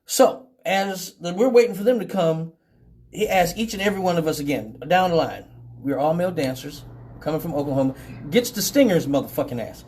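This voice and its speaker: A man hosting a live show, telling a story in a profane, animated way and acting out the voices. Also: fairly high pitch, a little fast, a little hiss or hum. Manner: animated, profane, acts out every voice. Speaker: host.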